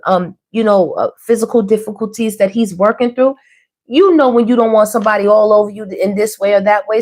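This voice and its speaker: A woman's voice: a little high, a little mellow. A woman giving a casual spoken tarot reading, chatty and repetitive, restating each point twice. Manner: chatty, repetitive, relays messages in quotes. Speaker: tarot reader.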